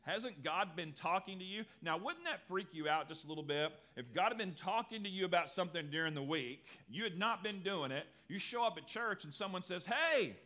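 Lively, bright-voiced male pastor preaching. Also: high-pitched, fairly quick, hardly any pauses. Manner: animated, acts out quotes in lively voices. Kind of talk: sermon.

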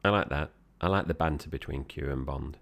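A man's voice: very deep voice, brisk, a bit bright. A man co-hosting a podcast, chatting easily about a film and tossing questions to his co-host. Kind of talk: casual film chat.

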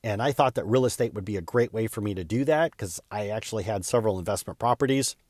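A man's voice: lowish voice, quick pace, darkish tone, dry recording, clean studio sound. A man hosting his own podcast, telling a personal story in an earnest, candid way with small stumbles and repeats. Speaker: podcast host.

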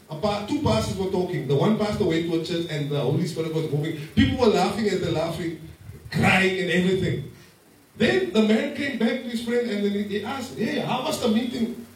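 A man preaching a sermon to a congregation, animated and laughing often as he calls on the listeners to answer. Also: sits high. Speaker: pastor. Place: church hall. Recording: very echoey hall from far off.

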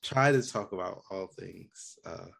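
A man's voice: sits low, measured pace, creaky, fairly bright tone. A young man co-hosting a podcast, chatting in a laid-back, rambling way. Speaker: podcast co-host. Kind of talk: casual chat.

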